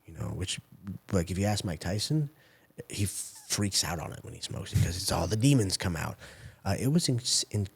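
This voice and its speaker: A man's voice: low voice, big pitch swings, normal speed, gravelly, husky. A man in his forties, a former fighter turned coach, telling candid, profane stories in an interview. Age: 40s. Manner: candid, profane, storytelling with quoted asides.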